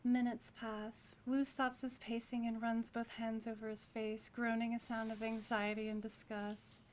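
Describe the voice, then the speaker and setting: A woman's voice: a little high, little pitch movement, unhurried, a little hiss or hum. Playful woman streaming a video game. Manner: playful, chatty. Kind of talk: game stream, reading dialogue aloud.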